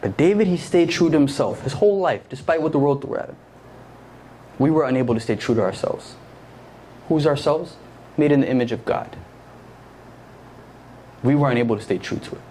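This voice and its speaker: A man's voice: a little high, fairly quick, long pauses, dark tone, a little hiss or hum. A young man preaching a casual sermon to a youth group, slangy and conversational, often quizzing his listeners with questions. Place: church service.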